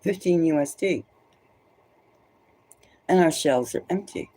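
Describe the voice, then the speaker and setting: Slow and dark in tone, this mid-range tarot reader rambles through emphatic commentary, repeating phrases for emphasis. The delivery is loose and conversational, with many restarts.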